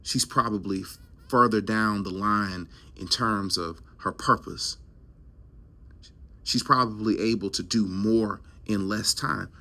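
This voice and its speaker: Speaking slowly in a lowish voice with fairly even intonation, a man hosting a health show delivers a motivational talk to camera. His tone is bright and forceful, and the preachy, emphatic speech leans on rhetorical questions and repetition.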